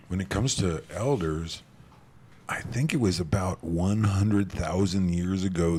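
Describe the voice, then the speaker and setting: A man's voice: low voice, darkish tone. A man talking casually on a radio panel, playful and joking, laughing often, over a live broadcast with background noise. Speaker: panelist artist.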